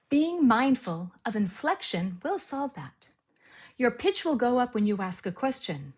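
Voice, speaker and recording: A woman giving a calm spoken lesson on narration technique and demonstrating exercises aloud. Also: on the high side, a little slow, husky. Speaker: author teaching audiobook narration.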